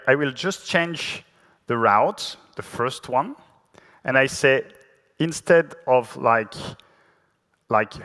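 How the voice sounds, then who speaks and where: A man's voice: mid-range voice, bright, forceful tone. A man with a French accent gives a technical conference talk, and his voice sits in a mid range. He keeps it chatty and self-deprecating, with lots of fillers and restarts. The sound carries a long reverb from a large hall. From France. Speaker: conference speaker.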